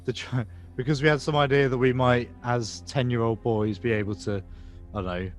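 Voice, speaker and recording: A man's voice: medium pitch, brisk, faint music behind. A man in his thirties from England, co-hosting a casual podcast and telling a spooky local story. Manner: animated, tells a spooky tale in a storytelling voice. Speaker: podcast co-host.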